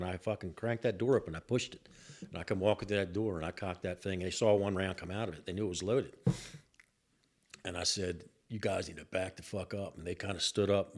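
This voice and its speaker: An older man telling a story on a podcast in an animated, profane way and repeating himself as he goes. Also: fairly low pitch. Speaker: guest, host's father.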